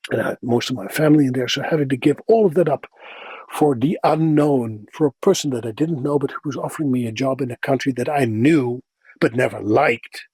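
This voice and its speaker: A man's voice: medium pitch, darkish tone, husky, no echo. A middle-aged man from the Netherlands with a neutral Northern European accent, telling his story candidly and reflectively as an interview guest.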